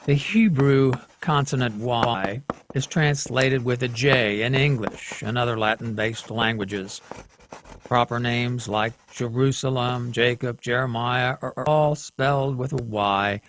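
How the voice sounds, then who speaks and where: A man teaching a class at a whiteboard, slow and deliberate, often checking in with the students. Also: mid-range voice, background noise.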